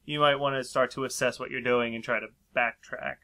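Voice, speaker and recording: A man's voice: medium pitch, fairly even intonation, a little fast, sharp tone. A man casually telling a long story in a chat, rambling and laughing often. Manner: rambling, laughs often, acts out quoted voices.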